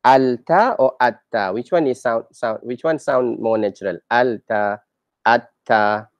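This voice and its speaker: A man's voice: mid-range voice, animated, moderate pace, a little mellow, dry recording. A man teaching a reading lesson, patiently saying each example several times and quizzing his learners as he goes.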